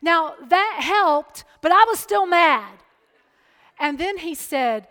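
A woman's voice: very high voice, lively intonation, slow pace, sharp tone, big-room sound. A woman giving a sermon, moving from storytelling into emphatic preaching. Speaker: speaker at a church or chapel.

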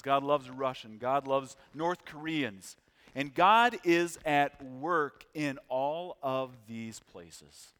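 A middle-aged American man preaching a sermon, telling stories in a conversational, animated way and asking the congregation questions. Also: mid-range voice. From United States. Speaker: visiting missions preacher. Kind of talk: sermon with storytelling. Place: church sanctuary. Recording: long reverb of a large church hall.

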